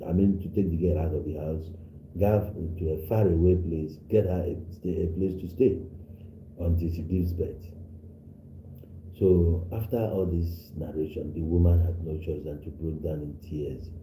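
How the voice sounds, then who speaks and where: Deep, dark-voiced man. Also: fairly even intonation, measured pace, echoey room, a little hiss or hum, rough recording. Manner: mixes Igbo and English, scolds commenters. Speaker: live stream host. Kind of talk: live stream talk to viewers, retelling a story.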